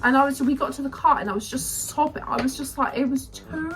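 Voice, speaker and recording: A young woman co-hosting a podcast, retelling a story in a casual, expressive way. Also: high voice, brisk, a little hiss or hum. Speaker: podcast co-host. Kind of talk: casual chat.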